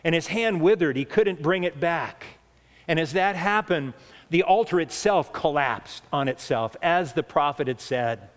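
A man preaching a sermon, earnest and emphatic, slowing down to stress key points, in a church hall. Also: fairly high pitch, animated. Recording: echoey hall reverb.

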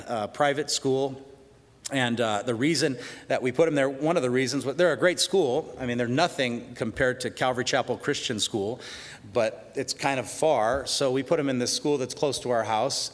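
A middle-aged man preaching a sermon as pastor, swinging between loud praise and hushed storytelling. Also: medium pitch. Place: church sanctuary. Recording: long reverb of a large hall.

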